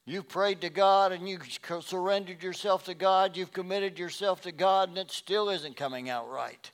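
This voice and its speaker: Man preaching in a fervent, swinging voice. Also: normal speed. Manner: animated preaching, swinging between loud emphatic rises and quiet low passages; repeats words and restarts phrases. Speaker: pastor. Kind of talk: sermon.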